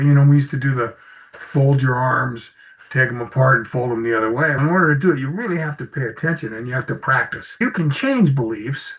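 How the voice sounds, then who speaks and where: In a slightly muffled recording, a man with a medium-pitched, somewhat bright voice is interviewed about his work as an executive coach. He tells anecdotes conversationally, voicing pieces of dialogue as he goes.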